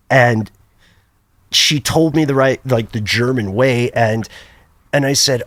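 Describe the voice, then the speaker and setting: A middle-aged man telling a personal travel story on a podcast, lively and self-mocking, jumping high in pitch when he quotes people. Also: a little slow, pauses often, no echo. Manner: animated, jumps high for quoted voices. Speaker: podcast guest. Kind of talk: casual storytelling.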